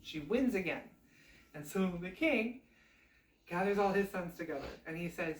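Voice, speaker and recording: A woman tells a fairy tale in a casual, chatty way, full of lively asides. Her voice sits fairly low for a woman. The room is echoey and she is some distance from the mic. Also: normal speed, pauses often. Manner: chatty, animated, conversational asides. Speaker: storyteller. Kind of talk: casual oral storytelling.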